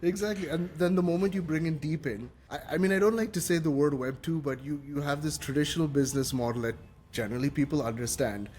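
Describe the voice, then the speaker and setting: A man's voice: on the high side, quick pace, darkish tone, a little hiss or hum. A man hosting a podcast interview, enthusiastically affirming his guest and ending points with a questioning "right?". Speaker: podcast host. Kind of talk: casual interview chat.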